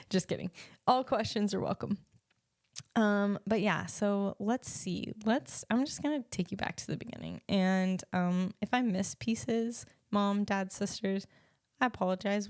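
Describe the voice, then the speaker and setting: Young American woman hosting a solo podcast, casual and rambling, lowish voice with fry, smooth and dry. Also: darkish tone, no room sound. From United States. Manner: chatty, rambling, many ums and restarts. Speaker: podcast host and life coach.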